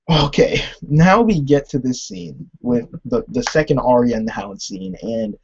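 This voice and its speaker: A young man recapping a TV episode in a rambling, animated way, laughing often and saying "like" a lot. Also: medium pitch, breathy edge, dull audio. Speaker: TV episode reviewer. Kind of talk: casual recap and commentary.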